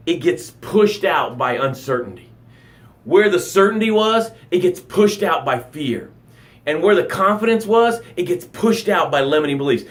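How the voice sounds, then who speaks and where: A middle-aged man, a life coach, giving a dramatic motivational live broadcast to his camera. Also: a little high. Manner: dramatic, animated delivery with acted-out sounds and gasps. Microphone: camera for a live stream.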